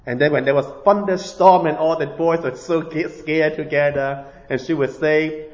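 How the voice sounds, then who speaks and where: A man telling a saint's life story in a sermon, halting often with fillers and restarts. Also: on the high side, steady tone. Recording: dull lo-fi recording.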